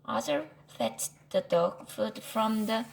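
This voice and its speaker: A woman with a Korean accent reads a children's chapter book aloud, careful and deliberate, with small slips along the way. Her pace is slow and her voice gravelly. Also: medium pitch, low-quality recording. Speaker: English reading teacher.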